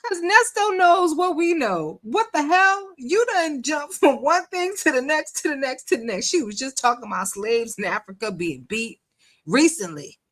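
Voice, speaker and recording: A woman's voice: sits high, animated, moderate pace, fairly bright tone. A woman hosting a livestream, giving sassy, colloquial commentary on a phone call and laughing often as she mocks it. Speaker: livestream host.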